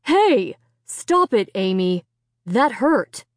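A woman voicing a father who explains calmly and mutters sternly when annoyed. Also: on the high side, unhurried, background noise. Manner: calm, then muttering and stern. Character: patient grown man, a father, easily annoyed.

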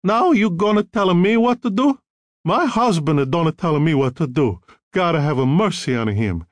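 A fierce, stout old Italian mother, as a male narrator puts her on, scolding in heavy-accented broken English. The voice is pushed high and swings widely. The sound is dry and close, like an audiobook booth. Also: wildly swooping pitch, takes it slowly, dry recording, full character voice. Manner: scolding and emphatic. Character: stout older Italian mother, fierce, bossy, warm-hearted.

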